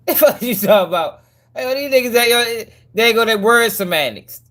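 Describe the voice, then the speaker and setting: A man's voice: very high voice, animated, normal speed, sharp tone. A man hosting a commentary channel, reacting to clips in a mocking, profane way with frequent laughs.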